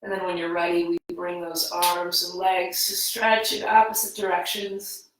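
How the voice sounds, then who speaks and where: Calm woman guiding yoga, echoey room. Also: fairly low pitch, distant mic, background noise. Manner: slow, calm, soothing guidance. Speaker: yoga instructor. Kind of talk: guided yoga class. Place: home room.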